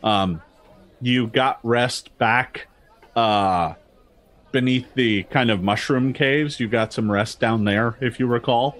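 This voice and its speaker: A man's voice: medium pitch, takes it slowly, fairly bright tone. A man narrating as game master of a tabletop game, descriptive and hesitant, full of ums and restarts.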